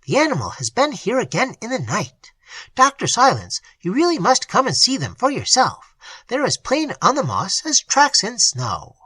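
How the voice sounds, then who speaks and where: Narrator as excited young man, eager, bright, lively pitch. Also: moderate pace, breathy edge, dry recording, exaggerated voice.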